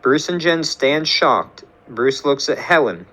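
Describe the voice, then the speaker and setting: A man's voice: a little high, expressive, slow, sharp tone. A man narrating a story script, reading scene directions in a plain storytelling way.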